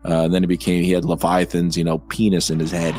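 A man co-hosting a casual film review chat, animated and jokey, with some swearing. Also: deep voice, fast talker, soft background music. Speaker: co-host.

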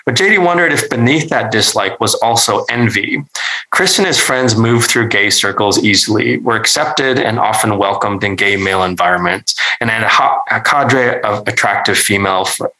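Man reading fiction, bright voice. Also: lowish voice, rough recording. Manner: measured, even reading with small self-corrections. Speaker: narrator. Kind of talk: reading a literary story aloud.

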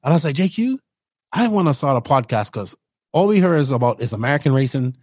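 A man's voice: mid-range voice, animated, fast, darkish tone, dry recording, studio quality. Man. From Bermuda. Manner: rambling, tags lines with "right?". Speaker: podcast host telling his story. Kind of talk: casual storytelling interview.

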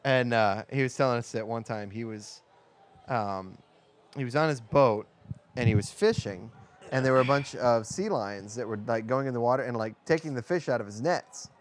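A young man chatting casually, throwing in quick jokes and telling a story of his own. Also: mid-range voice. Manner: wisecracking, quick jokey interjections. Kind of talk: casual chat.

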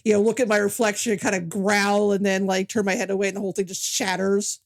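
Woman chatting with dry, halting humor. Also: medium pitch, level tone. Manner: hesitant, many restarts, dry humor. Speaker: podcast co-host. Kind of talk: casual film chat.

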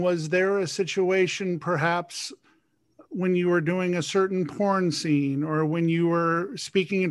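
Slow measured male interviewer. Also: sits high, a bit bright. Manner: measured, philosophical phrasing. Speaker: interview host. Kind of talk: reflective interview questions.

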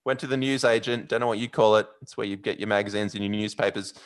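A man with an Australian accent, a podcast host telling a long story in a rambling, animated way, with many fillers. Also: lowish voice, quick pace. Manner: animated, rambling, with fillers and loud yelled bits. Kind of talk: casual storytelling.

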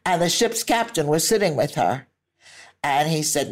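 An older woman and grandmother telling family stories with a lively, laughing delivery and acted-out quotes. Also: low-pitched, normal speed. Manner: lively storyteller who laughs easily and acts out quotes. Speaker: grandmother interviewed by her grandson. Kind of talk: family storytelling.

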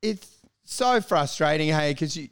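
Male comic, slightly high voice, loose and sweary. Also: measured pace, smooth. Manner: sweary, animated, slips into mocking put-on voices. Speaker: comedian, podcast co-host. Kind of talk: casual banter.

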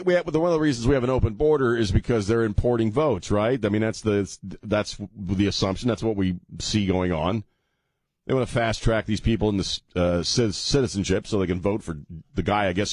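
A man's voice: lowish voice, fairly quick, a little mellow, no echo, clean studio sound. A man in his fifties hosting a talk radio show, joking sarcastically and rambling, sounding tired. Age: 50s. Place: radio studio.

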